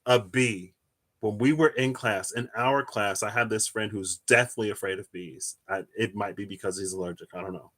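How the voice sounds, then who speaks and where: Rambling young man with a bright voice. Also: normal speed. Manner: rambling storyteller, animated, bursts into high-pitched squeals and laughter. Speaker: tarot reader and streamer. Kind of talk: casual live-stream chat while reading tarot.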